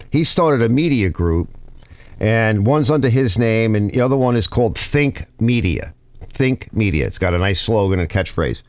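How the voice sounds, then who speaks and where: A man's voice: mid-range voice, no echo. Rambling New York man, dry close sound. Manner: rambling, restarts sentences, reads comments aloud. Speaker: YouTube channel host. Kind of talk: casual rambling talk to viewers.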